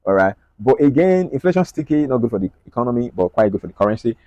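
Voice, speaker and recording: A man walking viewers through his market analysis on screen, talking quickly and checking in with them often. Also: mid-range voice, sing-song, dark tone, dry recording, dull audio. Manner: rapid, repetitive, checks in with "right?" and "okay?". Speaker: trading analyst.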